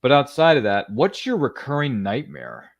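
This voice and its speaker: A man's voice: mid-range voice, very animated, moderate pace, gravelly, dry recording, studio quality. A man hosting a casual podcast interview, reading sponsor spots in a folksy, upbeat way with rambling asides. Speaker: podcast host.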